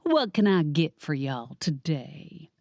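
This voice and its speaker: A woman's voice: low voice, big pitch swings, slow, a little mellow, dry recording, exaggerated voice. A woman voicing a sweet, vacant bakery owner in an audiobook. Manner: sugary, vacant, drawling.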